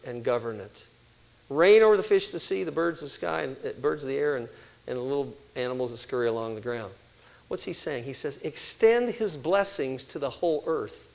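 An older man preaching a sermon, telling family stories and acting out quoted voices with animated delivery. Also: medium pitch, poor audio.

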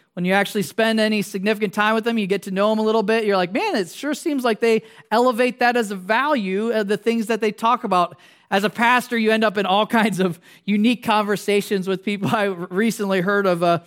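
A man's voice: high voice, fairly bright tone, smooth. A man preaching a sermon as a pastor. He talks conversationally, asks the congregation questions and jokes his way through tangents. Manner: casual, joking, wanders into tangents.

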